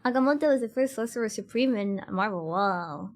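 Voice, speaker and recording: A woman's voice: on the high side, expressive, brisk. A young woman streaming, rambling and giggling as she chats with her viewers. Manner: rambling, giggly, many fillers; talks straight to chat. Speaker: cosplay streamer. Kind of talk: casual chat with stream viewers.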